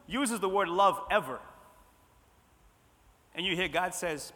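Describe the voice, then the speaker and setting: Male preacher, bright and high-pitched, emphatic and then hushed in turns, sermon recorded in a reverberant sanctuary. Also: a little slow, long pauses. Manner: repetitive, swings between loud emphasis and soft hushed lines. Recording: long hall reverb.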